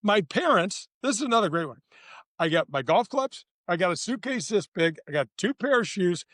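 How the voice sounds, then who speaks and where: A man in his sixties from St. Louis, a former tour golfer telling lively, slangy stories as a podcast guest. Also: high voice, normal speed, dry recording, clean studio sound. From St. Louis, USA. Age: 60s. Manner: lively, slangy, addresses the host directly. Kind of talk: casual anecdotal storytelling.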